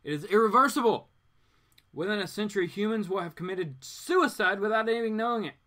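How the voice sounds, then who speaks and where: A self-righteous eco-villainess from a comic book, smug and preachy, voiced by a man reading aloud. Her voice sits high and bright, climbing higher whenever she pushes her point. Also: brisk. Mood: preaching. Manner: gloating, raised pitch.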